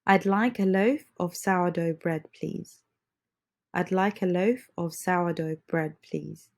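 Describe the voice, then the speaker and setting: Woman, English teacher, under the weather; patient, repeats lines slowly, lower-pitched voice. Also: gravelly. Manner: patient, repeats phrases slowly and softly for learners. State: under the weather, slightly congested. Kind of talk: slow, clear English lesson with repeated phrases.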